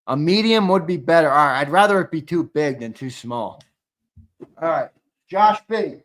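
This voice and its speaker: Slow-talking playful male stream host. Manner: playful, teasing banter that swings between loud hyped countdowns and low mumbled asides. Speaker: show host running a live-stream giveaway. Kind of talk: casual live-stream chat with viewers.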